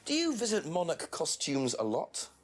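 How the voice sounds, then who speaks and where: A calm, probing police inspector. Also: male voice, fairly high pitch, faint music behind. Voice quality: measured, persistent questioning. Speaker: police inspector in a detective game. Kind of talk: FMV game acting.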